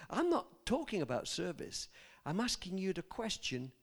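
Earnest preacher man, lively voice. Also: high voice, normal speed, creaky. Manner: earnest, speaks straight to the congregation with asides and questions. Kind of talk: personal testimony in a sermon.

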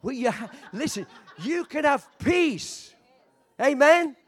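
Guy preaching a sermon, pretty high voice, fired up, jokes around, shouts then goes quiet. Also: big pitch swings, takes it slowly. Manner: impassioned, swings from shouting to quiet storytelling, joking asides. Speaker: visiting preacher.

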